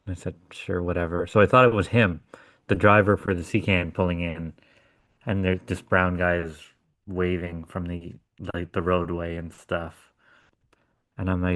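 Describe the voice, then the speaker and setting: A man with a very low voice tells a story in casual podcast chat. He swears freely and talks bluntly. The recording is dry and close. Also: fairly even intonation, unhurried, long pauses, dry recording. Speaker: podcast co-host.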